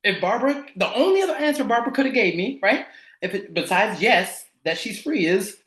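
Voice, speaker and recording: Man, sales trainer, lively swinging pitch, hyped and slangy, video call, echoey room. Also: brisk.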